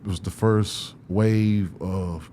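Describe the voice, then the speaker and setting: Animated man telling stories. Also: very slow, slight background noise. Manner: animated, laughing, acts out quotes in higher voice. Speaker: interview guest. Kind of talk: candid conversational storytelling.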